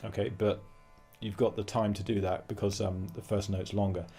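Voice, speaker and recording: A man's voice: lowish voice, little pitch movement, moderate pace, dark tone, breathy edge. A man teaching a guitar lesson, explaining phrasing and singing rhythm syllables between his points. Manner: thinking aloud with fillers and restarts. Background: guitar playing.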